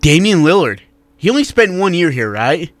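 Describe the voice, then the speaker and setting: A male sports radio co-host talks in a blunt, animated way and reads listener texts aloud. His voice sits a little high for a man. It is recorded dry and close on a studio mic. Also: moderate pace, no echo. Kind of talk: casual sports talk radio banter.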